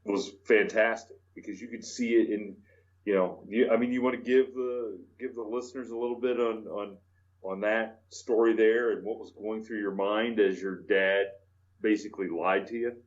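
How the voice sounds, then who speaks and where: A man hosting a podcast, asking questions in a halting, casual interview style. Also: fairly low pitch, steady tone. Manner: halting, with fillers and restarts. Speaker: podcast host. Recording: dull lo-fi podcast audio.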